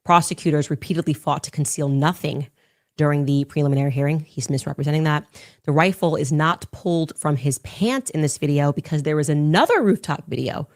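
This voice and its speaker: A woman's voice: low voice, fairly quick. A woman commentator reading posts aloud and answering them in a pointed, incredulous manner, played as a clip.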